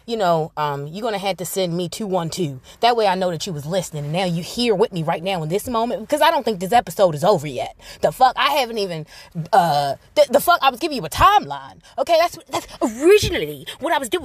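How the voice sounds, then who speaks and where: A woman's voice: mid-range voice, sing-song, brisk, no echo. A woman hosting a casual solo podcast, ranting bluntly and swearing as she tells stories. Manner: profane, blunt, ranting storyteller. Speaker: podcast host.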